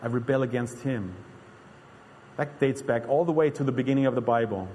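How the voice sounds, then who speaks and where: A man preaches a sermon earnestly and conversationally, often restarting his sentences. His mid-range voice is mellow and a little fast. The recording has long hall reverb and a little hiss or hum.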